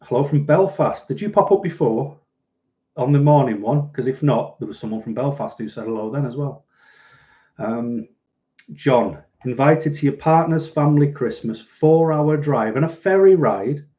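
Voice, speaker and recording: In a muffled recording, a man with a Mancunian accent hosts a casual livestream, responding to viewers' comments with dry, self-deprecating humor. He's from Manchester, England, and his mid-range voice is mellow, with lively intonation and a normal speed.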